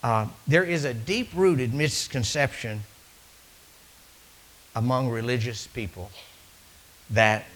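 Guy preaching, bright voice, gets loud then drops real quiet, middle pitch. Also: takes it slowly, pauses often, rough recording. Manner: storytelling, swinging from loud to hushed. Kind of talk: sermon.

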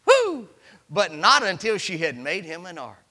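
A man preaching a sermon, retelling scripture as an animated storyteller with exclamations. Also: fairly high pitch, moderate pace, long reverb tail.

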